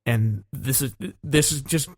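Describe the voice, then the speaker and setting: A man of middle pitch talks about how the brain works with real enthusiasm. He mixes in jokes and teasing. His tone is loose and conversational. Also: a little slow. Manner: joking, enthusiastic explainer of science. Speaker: podcast co-host. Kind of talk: casual chat.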